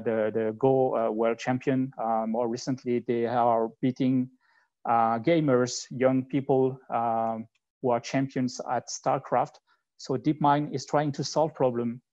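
Halting French-accented man presenting. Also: mid-range voice, a little mellow. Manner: halting and conversational, thinking aloud. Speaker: conference speaker. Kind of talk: live technical presentation with demos. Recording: slightly muffled online talk recording.

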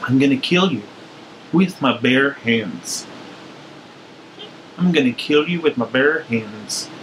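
A man's voice: normal speed, fairly bright tone, a little hiss or hum, lightly acted, rough recording. A man putting on a grim older bearded mother. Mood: menacing. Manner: low menacing threats, fumbling through the read.

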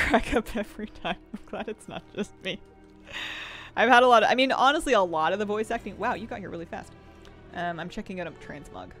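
A game streamer talks casually on a live stream in a voice of middling pitch. They chatter and giggle easily and read out chat as they go. Soft game music plays faintly underneath.

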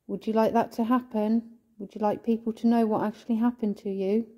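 A woman ghost hunting in a church, softly pleading and coaxing as she calls out to a spirit, at times emotional. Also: a little high, little pitch movement, brisk. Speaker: ghost hunter vlogger. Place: inside a church.

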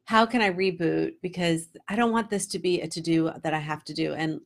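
A middle-aged woman hosting a vlog, chatty and animated, often laughing as she tells a story in a casual storytelling style. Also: on the low side, fairly quick, gravelly. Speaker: host.

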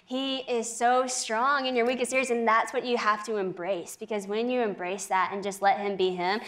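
Young woman, TV interview guest, earnest faith story, casual "like"-filled delivery, higher-pitched voice. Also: fairly even intonation, fairly bright tone. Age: young adult. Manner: earnest, chatty, many "like"s, quick laughs.

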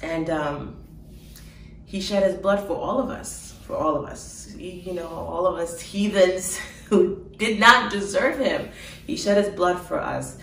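A woman telling of her dream in an emotional personal testimony, halting with fillers and soft laughs. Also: fairly low pitch, creaky, reverberant, far from the mic, a little hiss or hum, low-quality recording.

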